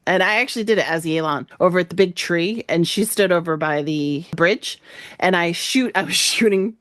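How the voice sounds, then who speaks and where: A woman's voice: fairly low pitch, moderate pace, dry recording, clean studio sound. A woman co-hosting a podcast, chatting casually and retelling a game story, laughing often and acting out the lines. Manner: animated, laughs often, acts out quotes. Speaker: podcast co-host.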